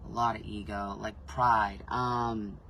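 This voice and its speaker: A man's voice: lowish voice, little pitch movement, slow pace, pushed and bright, slight background noise, rough recording. A man giving a casual spiritual reading. He talks frankly and rambles, often restarting his sentences, and he swears freely. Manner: frank, emotionally reactive. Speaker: intuitive reader.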